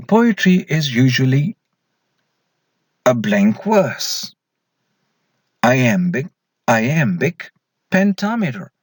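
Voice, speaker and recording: A man's voice: mid-range voice, slightly rough, dry recording. A man giving a recorded slide lecture as an English lecturer, posing questions to students and then answering them himself.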